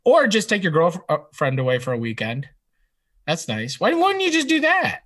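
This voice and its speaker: A podcast co-host chatting casually and teasing a friend with playful needling. The voice sounds bright and sharp, and its pitch moves widely as the jabs land. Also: wildly swooping pitch, moderate pace.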